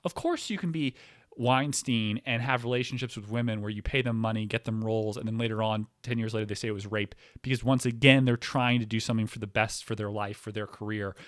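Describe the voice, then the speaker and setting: A man's voice: on the low side, fairly even intonation, fairly quick, fairly bright tone, no echo, studio quality. A man hosting a comedic podcast, rambling and provocative, with constant use of "like" as a filler. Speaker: podcast host. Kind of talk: casual comedic podcast monologue.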